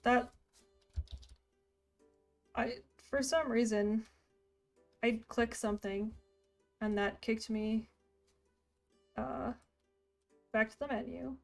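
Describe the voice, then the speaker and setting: A woman's voice: fairly high pitch, fairly even intonation, takes it slowly, vocal fry, pauses often, soft background music. A young woman, chatting casually while streaming a game and thinking aloud. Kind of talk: casual let's-play commentary.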